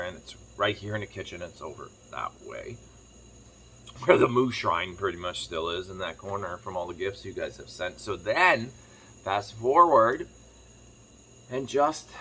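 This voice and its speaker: A man chatting casually to camera as a farm vlogger, telling a rambling story quickly while sitting on his kitchen floor. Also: lowish voice, sharp tone, slight background noise. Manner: rambling, fast-talking storyteller.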